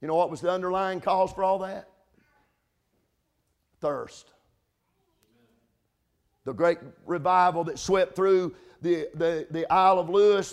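Man, high pitch, sermon, impassioned, repetitive, addresses congregants. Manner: impassioned, building to shouted climaxes; repetitive, with restarts and asides to congregants by name. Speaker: preacher.

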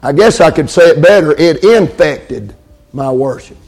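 A man's voice: on the high side, expressive, moderate pace, a little mellow, slightly rough. A man preaching a sermon, calling for amens and repeating lines for emphasis.

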